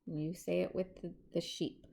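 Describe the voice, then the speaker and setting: A young woman reading a picture book aloud to a child, slow, gentle and coaxing. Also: on the low side, flat delivery, vocal fry.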